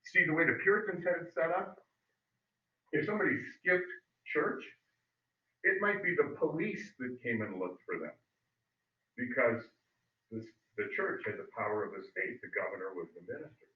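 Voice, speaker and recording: A middle-aged male history teacher telling a story to his class, animated and acting out voices. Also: medium pitch, moderate pace. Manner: animated, acts out voices, loud bursts. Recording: phone-like, echoey, distant mic.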